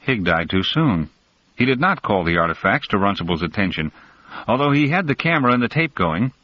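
A man voicing a calm, cunning schemer. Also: on the low side. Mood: coolly explaining. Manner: measured, explanatory, sharp. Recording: dull lo-fi dry recording.

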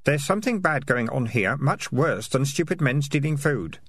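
Earnest storybook youth, read by a man, firm, slightly husky, dry. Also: mid-range voice, lively intonation, moderate pace, no room sound, pitched above the performer's own voice.

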